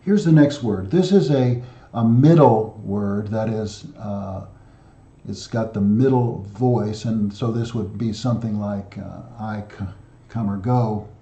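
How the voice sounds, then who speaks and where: A man teaching an Ancient Greek lesson in a patient, methodical way, pausing often with fillers and restarts. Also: fairly low pitch, mellow. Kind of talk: recorded language lesson. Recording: echoey room, dull lo-fi sound.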